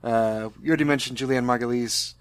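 A man's voice: medium pitch, fairly even intonation, fast, smooth, no room sound. Man, podcast co-host, casual movie talk, jokey, dry close sound. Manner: joking, laughs often. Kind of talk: casual movie-review chat.

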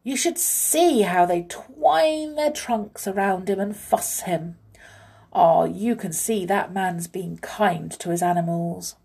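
A woman's voice: on the low side, takes it slowly, vocal fry, warm tone, husky, exaggerated voice. A woman doing a chatty, admiring housewife. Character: chatty woman answering the door.

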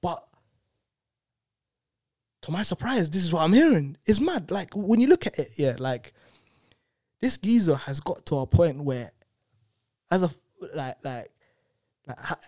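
A man's voice: on the high side, a little slow, long pauses, dry recording, studio quality. A young man, animatedly telling a personal story in casual chat, full of tag questions. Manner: animated, peppered with "innit" and "you know what I'm saying". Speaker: storyteller guest.

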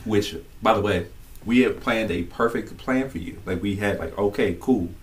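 A man co-hosting a podcast in casual chat, joking and chiming in with quick reactions. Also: on the low side. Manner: jokey, chimes in with quick reactions. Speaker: podcast co-host.

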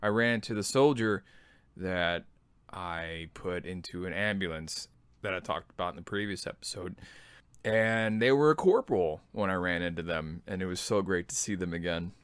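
Chill guy in his 30s rambling through old army stories, lowish voice, dry close sound. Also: moderate pace, fairly bright tone, smooth, no echo. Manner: laid-back, self-deprecating, rambling. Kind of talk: personal storytelling.

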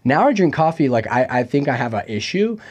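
A man's voice: medium pitch, sing-song, brisk, a little mellow, husky, lo-fi sound. A young man hosting a casual podcast chat, joking and rambling with plenty of fillers. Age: young adult. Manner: chatty, joking, full of fillers. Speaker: podcast host.

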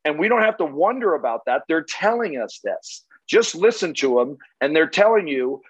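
A man's voice: fairly high pitch, sing-song, moderate pace, few pauses, slightly rough, no room sound, low-quality recording. A man giving a blunt, punchy sales talk full of rhetorical questions and the odd curse. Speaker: solar sales trainer.

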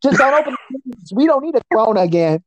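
A woman's voice: sits high, lively intonation, quick pace, a crowd in the background, poor audio. A woman guest on a comedy podcast, delivering a crude, profane roast in a mocking voice and breaking into nonsense singsong chants.

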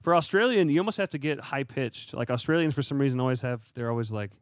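A man co-hosting a casual podcast, chatty and quick to laugh, with lots of fillers. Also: mid-range voice, lively intonation, no room sound, studio quality. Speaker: podcast co-host. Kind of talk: casual chat.

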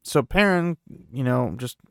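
Here a young man hosting a podcast recaps a book chapter in a chatty, casual way, quoting passages aloud, paraphrasing characters with "he's like," and laughing as he corrects his own slips. His mid-range voice has lively intonation and an unhurried pace, captured as clean studio sound without room sound.

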